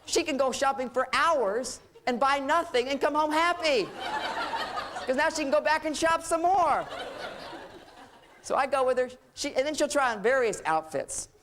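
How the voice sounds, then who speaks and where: A man's voice: very high voice, moderate pace, noisy background. A man giving a humorous seminar talk on relationships, joking and acting out quoted couples as he goes. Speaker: relationship lecturer.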